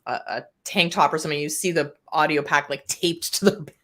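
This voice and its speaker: A woman co-hosting a podcast she also produces, chatting casually. Her voice sits a little low for a woman, and she gets animated when she acts out examples, laughing along. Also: fairly quick. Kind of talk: casual chat.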